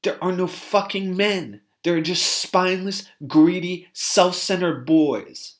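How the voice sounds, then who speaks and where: A man voicing a furious woman shouting at men. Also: steady tone, unhurried, natural voice. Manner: shouting, accusing, rising in pitch.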